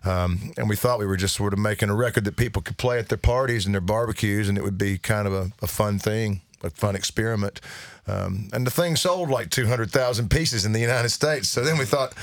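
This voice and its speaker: A man telling stories in a relaxed, drawling way during a casual interview in a radio studio. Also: on the low side, brisk, no room sound. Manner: relaxed storytelling, drawling, lively quotes. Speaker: band member being interviewed.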